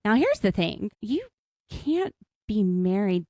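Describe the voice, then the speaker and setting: A woman's voice: mid-range voice, big pitch swings, darkish tone, no room sound, studio quality. A woman co-hosting a podcast, chatting casually and joking as she recaps a show. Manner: chatty, jokey, quick asides. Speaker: podcast co-host.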